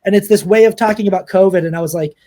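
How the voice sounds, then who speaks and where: A man's voice: sits high, racing, warm tone. A man co-hosting a podcast and talking through a film review in casual chat, rambling and often restarting his sentences as he retells scenes. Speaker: podcast co-host.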